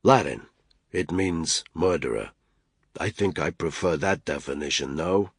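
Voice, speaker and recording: A man voicing a cool, guarded older male intelligence officer who speaks in a quiet, measured, lecturing way. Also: very deep voice, animated, breathy edge, dry recording, clean studio sound, exaggerated voice. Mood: calm, guarded.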